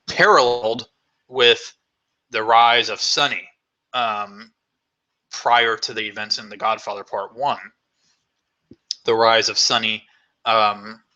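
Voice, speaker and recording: Bright-voiced man rambling through a Q&A. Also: on the low side, lo-fi sound. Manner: rambling and enthusiastic, many fillers. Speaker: vlogger hosting a Q&A. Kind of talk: casual live Q&A chat.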